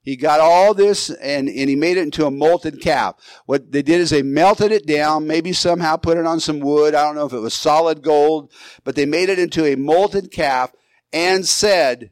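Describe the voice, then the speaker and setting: A male pastor preaching a sermon, animated, acting out Bible figures in quick asides. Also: a little high, no room sound.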